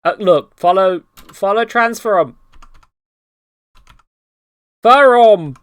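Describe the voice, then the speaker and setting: A woman streamer commenting on a game in a rambling, excitable way and swearing often. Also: medium pitch, slow pace. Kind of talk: casual gameplay commentary.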